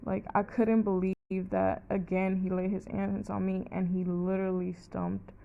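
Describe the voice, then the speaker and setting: A woman's voice: mid-range voice, little pitch movement, moderate pace, vocal fry, narrow, tinny audio. A young woman telling a personal story casually, rambling, with many "like"s and plenty of swearing. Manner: rambling, fillers of "like", heavy swearing.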